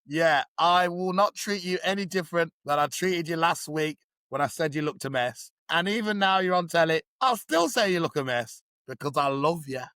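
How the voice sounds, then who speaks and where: Thirties male podcast guest, husky rasp, playful camp delivery, dry studio sound. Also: moderate pace, hardly any pauses, dry recording. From Birmingham, England. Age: 30s. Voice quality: low husky voice. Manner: animated, camp, teasing. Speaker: guest, drag performer. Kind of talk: casual podcast chat.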